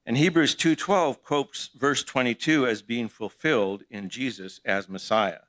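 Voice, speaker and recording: A man's voice: lowish voice, a bit bright, no echo. A middle-aged male pastor giving a conversational sermon in church, asking his congregation questions as he teaches.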